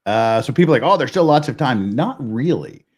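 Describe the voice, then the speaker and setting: A man's voice: medium pitch, animated, brisk, husky. A man hosting a livestream in casual chat, rambling and joking at his own expense. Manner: self-mocking, rambling, joking. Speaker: host.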